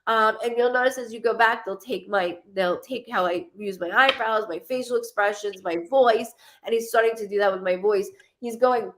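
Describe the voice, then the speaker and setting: A woman's voice: fairly high pitch, moderate pace, fairly bright tone. A woman psychic medium giving a live reading, talking in a rambling, emotional way and cursing freely.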